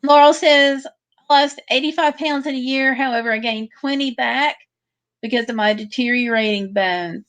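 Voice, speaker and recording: Woman host, slightly high voice, easygoing livestream chat, reads out comments and answers them. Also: normal speed, a bit bright. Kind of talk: casual livestream chat reading viewer comments.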